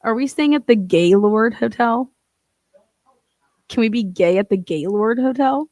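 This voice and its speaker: A woman's voice: fairly high pitch, animated, measured pace, darkish tone, no echo. Swearing woman streamer reading court files. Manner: swears freely, laughs, reads documents aloud. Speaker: true crime livestream host. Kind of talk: casual profane livestream commentary.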